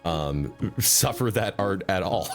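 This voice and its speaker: A man streaming a video game, joking, swearing and talking to his chat with sudden jumps in pitch. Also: lively intonation, slow. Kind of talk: casual gaming commentary. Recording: faint background game music.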